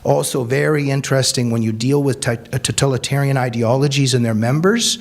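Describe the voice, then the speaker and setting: A man's voice: medium pitch, steady tone, a little fast, creaky. A man giving an earnest, emphatic talk about his book to a seated audience, repeating key phrases for weight. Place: meeting room with an audience.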